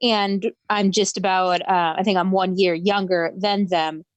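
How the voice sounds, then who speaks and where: A woman's voice: mid-range voice, steady tone, measured pace, no room sound, dull audio. A woman from Wisconsin, a registered nurse, explaining plainly as a podcast guest. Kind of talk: casual interview chat.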